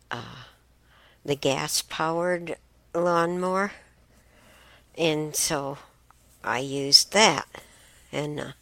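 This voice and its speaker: A woman hosting a show, telling childhood stories casually, chatty and unhurried with restarts and fillers. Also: low voice, fairly bright tone, no room sound. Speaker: host. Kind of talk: casual storytelling.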